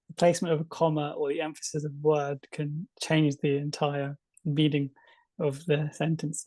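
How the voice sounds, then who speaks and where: A man co-hosting a book discussion podcast, speaking in a measured, reflective way with some fillers. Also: fairly high pitch, dark tone, dry recording. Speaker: podcast co-host.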